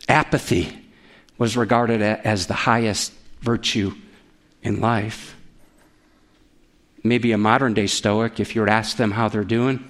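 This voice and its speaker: A man's voice: mid-range voice, a little slow, pauses often. A man preaching a sermon as pastor, telling stories with energy and putting direct questions to his listeners. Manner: animated storytelling, asks the audience direct questions.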